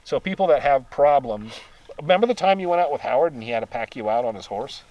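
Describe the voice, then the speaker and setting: A man's voice: mid-range voice, lively intonation, fast, recorded from a distance, muffled recording. An American man hosting a casual chat, telling stories with laughs along the way. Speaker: podcast host.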